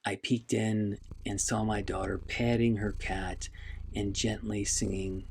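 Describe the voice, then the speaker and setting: Slow, gravelly-voiced man telling his story. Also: fairly low pitch, fairly even intonation, faint music behind. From United States. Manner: slow, reflective and heartfelt. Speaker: podcast host. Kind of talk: scripted personal narration.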